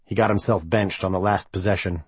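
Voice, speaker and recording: A man narrating a novel as an audiobook reader, in a measured, even storytelling manner. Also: low-pitched, husky, dry recording. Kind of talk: scripted narration.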